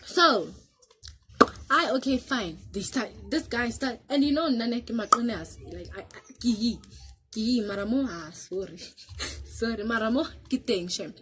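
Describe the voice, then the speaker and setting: A South African woman vlogger casually telling a story to camera, animated and switching between English and local languages. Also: a little high, moderate pace, noisy background.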